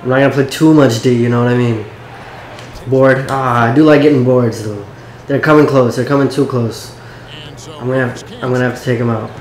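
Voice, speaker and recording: A man giving casual, excitable gameplay commentary, cursing and talking back to the game and his coach. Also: medium pitch, fairly quick, echoey room, slight background noise. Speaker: gaming YouTuber.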